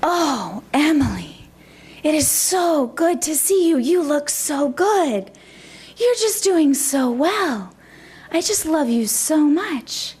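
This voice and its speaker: Doting grandmother in her nineties as a woman puts her on, high and drawn-out, gushing, effusive. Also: lively intonation, a little mellow. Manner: effusive, lingering praise.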